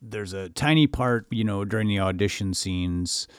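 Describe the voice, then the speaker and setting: A man's voice: fairly low pitch, moderate pace, clear, resonant tone, dry recording, studio quality. A man co-hosting a podcast, telling stories in a rambling, chatty way with many fillers. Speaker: podcast co-host. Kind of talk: casual chat.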